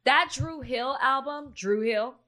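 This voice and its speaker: A woman's voice: high voice, takes it slowly, pushed and bright. A woman co-hosting a podcast, chatting in an emphatic, insistent and teasing way. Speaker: podcast co-host. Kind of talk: casual chat.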